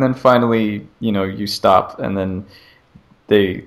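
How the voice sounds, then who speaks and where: A man with a lowish voice talks through a video game demo in a loose, rambling way. He keeps circling back and trying out the lines the characters say. The talk is a relaxed podcast chat between friends. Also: moderate pace. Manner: rambling, animated retelling with acted-out quotes. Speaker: podcast co-host. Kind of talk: casual gaming chat.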